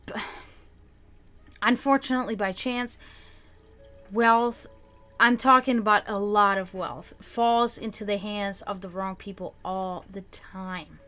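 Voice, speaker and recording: A woman's voice: medium pitch, steady tone, takes it slowly, pauses often, bright, forceful tone, faint music behind. A young woman hosting a livestream, talking casually to her chat and ranting in frustration with frequent swearing. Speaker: livestream host.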